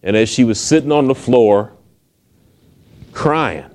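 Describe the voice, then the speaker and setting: A man's voice: mid-range voice, slow, darkish tone. A male pastor, preaching a sermon in a folksy storytelling way that builds to emphatic exhortation.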